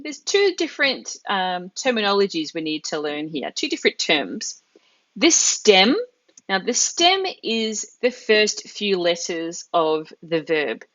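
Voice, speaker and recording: A woman teaching a live online language lesson, explaining step by step and slowing down to say each foreign word clearly. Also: on the low side, a bit bright, no room sound, lo-fi sound. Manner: clear step-by-step explaining, slows down on Italian words. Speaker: Italian teacher.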